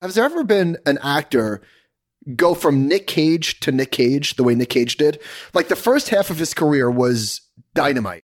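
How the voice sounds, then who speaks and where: A man's voice: fairly high pitch, normal speed. A man co-hosting a podcast in casual chat, playful and teasing. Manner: playful, teasing, animated storyteller. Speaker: podcast co-host.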